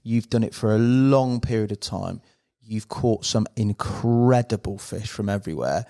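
A man's voice: lowish voice, measured pace, warm tone. A man hosting a podcast interview, chatting casually and calling his guest mate often. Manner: friendly, says mate a lot. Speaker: podcast host.

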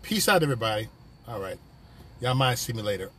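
A man's voice: mid-range voice, very animated, quick pace, bright, forceful tone, slight background noise. A man hosting a casual live stream from his phone, talking loosely in profane, rambling banter with viewers. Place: on a work break, vehicle sounds nearby.

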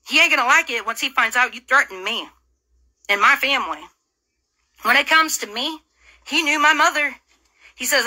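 Woman from illinois ranting mad, cussing a lot, taunting questions, high voice. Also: animated, moderate pace, long pauses, pushed and bright. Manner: confrontational, profane, taunting rhetorical questions. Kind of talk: angry direct-to-camera rant.

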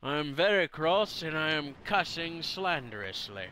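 A man's voice: on the high side, sing-song, a little slow, hardly any pauses, sharp tone, slight background noise. A man giving gameplay commentary, exasperated and grumbling with mock-formal asides, his throat sore and coughing. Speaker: gamer.

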